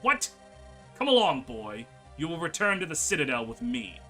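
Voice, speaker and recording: A man's voice: on the high side, big pitch swings, normal speed, bright, forceful tone, faint music behind. Man voicing a cold, commanding inquisition knight. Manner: formal, commanding.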